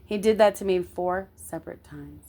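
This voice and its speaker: A woman's voice: fairly low pitch, moderate pace, warm tone. Woman, casual personal storytelling, emphatic, indignant, swears, checks in with listener. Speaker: vlogger telling a personal story.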